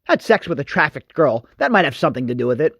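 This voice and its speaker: A male radio host ranting in a sarcastic, mocking tone. His fairly high voice rises and falls a lot. The sound is dry and slightly dull. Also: very animated, fast talker, fairly bright tone, no echo. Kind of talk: opinionated commentary monologue.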